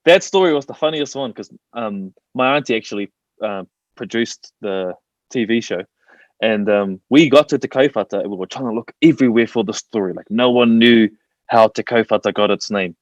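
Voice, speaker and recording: A man's voice: fairly low pitch, moderate pace, no room sound. A man, a TV presenter telling stories as a guest in a casual chat. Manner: animated storyteller, says "bro" a lot. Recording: dull lo-fi stream audio.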